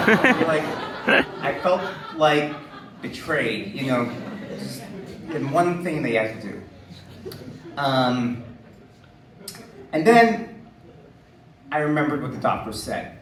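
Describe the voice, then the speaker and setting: A man's voice: medium pitch, animated, slow pace, pauses often, recorded from a distance, noisy background. A man in his forties tells a personal story live on stage in a loose, chatty way, laughing often and leaning on "like." His voice sits back from the mic in a roomy hall, with a faint murmur of ambience behind him. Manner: chatty, laughing, full of "like" fillers. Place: live stage before an audience.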